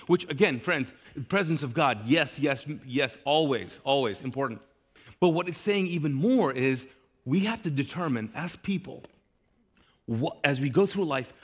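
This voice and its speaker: A male pastor preaching live, his voice pitched high and bright. He talks with animation and plays out the people he quotes. The big church space gives his words a long reverb tail. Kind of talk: sermon. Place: large church.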